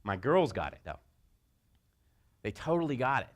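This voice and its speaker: Lively man giving a coaching talk. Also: normal speed. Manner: animated storyteller, jumps into high-pitched shouted voices for quotes. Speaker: speaker. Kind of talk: motivational talk to sports parents.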